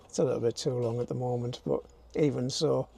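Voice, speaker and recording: A man's voice: medium pitch, fairly even intonation, brisk, gravelly, background noise. An older man, vlogging casually to a handheld camera as he works inside a camper van, self-mocking and thinking aloud. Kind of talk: casual DIY vlog talk to camera.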